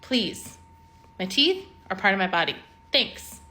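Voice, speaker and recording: A woman's voice: medium pitch, sing-song, measured pace, a crowd in the background. A woman in a casual vlog, complaining indignantly and with emphasis about a bill.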